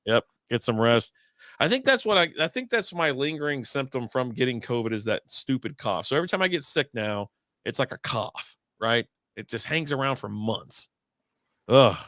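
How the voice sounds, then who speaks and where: A man's voice: mid-range voice, lively intonation, moderate pace, a bit bright, dry recording. A man co-hosting a casual beer stream, telling rambling stories, swearing and laughing as he goes. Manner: rambling storyteller, swears freely, laughs at his own stories. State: recovering from illness. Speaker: co-host of a beer and sports stream. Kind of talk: casual chat.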